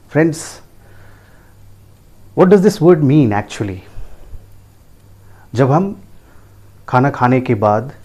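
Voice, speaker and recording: A man with an Indian English accent gives a pronunciation lesson in a warm, mellow voice. He spells words out letter by letter and repeats each key word. He keeps checking in with his listeners through bright, rising questions. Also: medium pitch.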